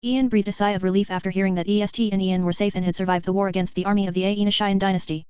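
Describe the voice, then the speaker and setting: A woman reading a web novel as an audiobook in a quick, even narration with barely changed character voices. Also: mid-range voice, clean tone, dry recording. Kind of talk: scripted narration. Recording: slightly dull, dry sound.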